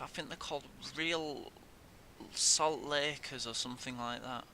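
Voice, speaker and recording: A young man, a gaming YouTuber, offers casual commentary on his gameplay and swears in frustration at the game. His voice is sharp and a little slow. The recording has faint noise and a low rumble.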